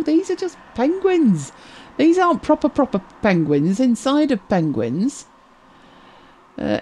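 Woman host, wry and chatty, animated pitch, relaxed storyteller. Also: gravelly, breathy edge. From Britain. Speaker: livestream host reading viewer comments. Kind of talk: casual chat.

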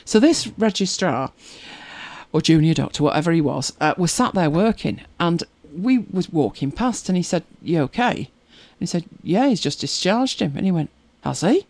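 A woman's voice: fairly low pitch, expressive, moderate pace, darkish tone, no echo. A woman hosting a casual live chat, rambling through stories and viewer comments with frequent laughs. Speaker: livestream host reading viewer comments.

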